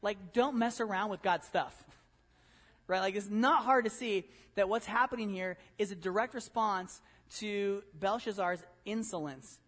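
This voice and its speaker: A man pastor giving a conversational, animated sermon, full of rhetorical questions. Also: sits high, measured pace, big-room sound.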